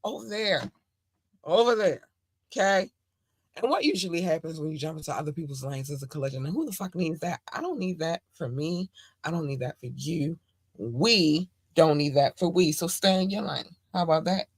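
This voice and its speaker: A woman hosting a podcast in casual chat, talking bluntly and emphatically with sudden loud outbursts. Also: deep voice, expressive, brisk, breathy edge, dry recording, clean studio sound. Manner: blunt and profane. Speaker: podcast host.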